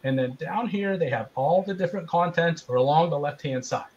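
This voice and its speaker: A man with a fairly high voice presents a webinar class on a video call. He teaches in an earnest, conversational way and leans hard on the points that matter. His voice comes through a call microphone. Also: a little fast, darkish tone, muffled recording, slight background noise. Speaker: small business procurement specialist presenting.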